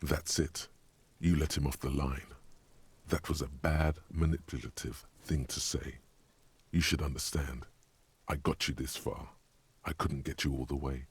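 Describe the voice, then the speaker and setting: A man voicing the solemn inner voice of a detective game, speaking slowly and advising the player in the second person. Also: rumbling low, flat delivery, a little hiss or hum. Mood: grave. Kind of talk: game narration.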